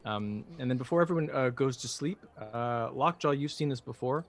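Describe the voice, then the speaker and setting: A man's voice: medium pitch, moderate pace. A man playing in a tabletop game, describing his character's actions hesitantly, with many ums and an amused tone. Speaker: player. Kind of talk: tabletop role-play narration.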